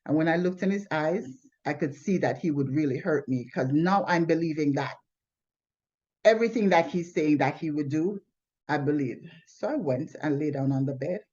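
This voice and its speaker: A woman's voice: low voice, moderate pace, a little mellow. Woman sharing a personal testimony. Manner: earnest, plainspoken, with frequent restarts. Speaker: testimony sharer. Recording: slightly dull lo-fi recording.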